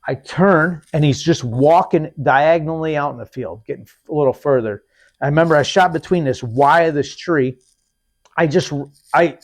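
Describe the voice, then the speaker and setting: A man hosting a podcast, telling a hunting story in a lively, casual way, acting out what people said and often restarting his sentences. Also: a little high. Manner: animated, acts out quotes, repeats and restarts. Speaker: podcast host.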